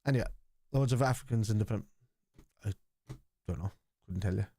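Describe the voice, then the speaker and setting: A man's voice: on the low side, normal speed, dark tone, slightly rough. An Irish man hosting a live football watchalong stream, arguing at length with viewers in the chat in a rambling, lecturing way. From Ireland. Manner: argumentative, rambling lecture with many restarts.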